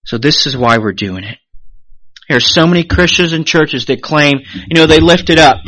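A man preaching a sermon as pastor, animated, rising sharply then dropping to a hush, and briefly acting out the voices of the people he quotes. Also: on the high side, moderate pace, no room sound. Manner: animated preaching with sudden rises and hushed drops; acts out quoted voices of the congregation.

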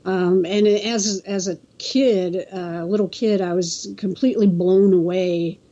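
A woman from California's Central Coast, a guest telling a story in a casual, halting way, often restarting and acting out the quotes. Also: mid-range voice, steady tone, mellow, dull audio. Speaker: interview guest.

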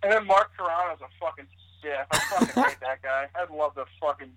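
A man's voice: a little high, expressive, fairly quick, sharp tone, low-quality recording. A man talking as a guest in a casual chat, rambling with many restarts and lots of swearing. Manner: rambling, restarts often, profane.

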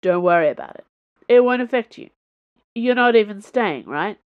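A woman's voice: mid-range voice, expressive, moderate pace, smooth, phone-quality sound, voice pushed up, natural voice. A woman voicing a tired, brooding young male mage who speaks wearily and dismissively. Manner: weary, dismissive.

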